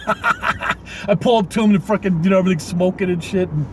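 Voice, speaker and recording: A man's voice: high voice, wildly swooping pitch, normal speed. A man telling rambling stories on a live stream from his truck, laughing often and dropping "man" and mild swears. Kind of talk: casual storytelling on a live stream. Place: inside a moving truck cab. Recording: road and engine noise behind.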